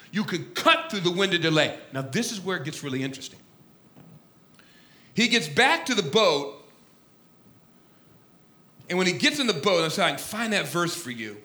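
Male pastor, high lively voice, very bright tone, dramatic sermon, echoey room. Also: moderate pace, long pauses. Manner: dramatic storytelling, swings from loud to hushed.

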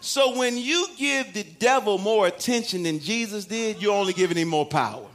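Male preacher, very high voice with a bright, forceful edge; dramatic, goes from shouting to near-whispers. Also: animated, moderate pace. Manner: dramatic, swings from shouts to hushed tones, laughs often; acts out quoted voices. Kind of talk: sermon. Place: church.

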